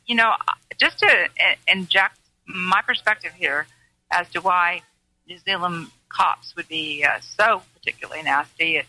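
Bright-voiced woman reporter over a call. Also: lowish voice, low-quality recording. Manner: halting, storytelling with many fillers. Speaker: co-host, reporter. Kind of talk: talk show discussion.

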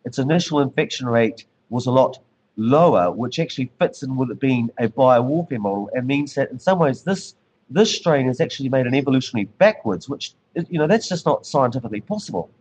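A man with a New Zealand accent hosting an interview, talking quickly and in a rush. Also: mid-range voice, animated, a little mellow, breathy edge, low-quality recording. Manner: rapid, rushed talker. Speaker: radio show host.

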